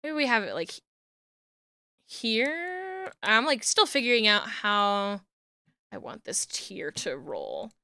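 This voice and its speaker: A woman's voice: on the high side, huge pitch swings, slow pace, sharp tone, clear, resonant tone, no echo. A woman streamer chatting casually and thinking aloud while she works. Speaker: streamer rigging a model. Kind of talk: casual livestream chat while working.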